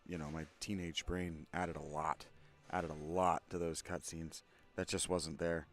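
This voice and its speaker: Soft-spoken man with a lowish voice. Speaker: game streamer. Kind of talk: casual let's-play commentary.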